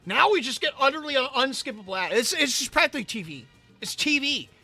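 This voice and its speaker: A hoarse man losing his voice, ranting in casual let's-play commentary and reading chat aloud. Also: extremely high pitch, animated, quick pace, sharp tone, faint music behind. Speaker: gaming streamer.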